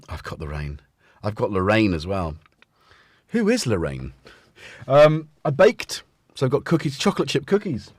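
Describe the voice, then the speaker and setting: A man's voice: medium pitch, no echo. A man hosting a casual home livestream, chatting in a rambling way and tripping over his words. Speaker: livestream host. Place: room at home. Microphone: desk mic with headphones.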